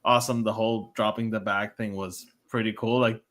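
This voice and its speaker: A man's voice: lowish voice, brisk. A man co-hosting a podcast, telling a long casual story and acting out the dialogue in it. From Puerto Rico. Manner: animated, acts out quoted dialogue. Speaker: podcast co-host.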